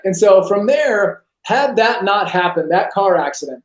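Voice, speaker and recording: A man, a podcast guest on a video call, telling a personal story in an animated way and acting out the voices of others. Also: high voice, measured pace. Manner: animated, acts out quoted voices. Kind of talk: storytelling testimony. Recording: roomy echo on a video call.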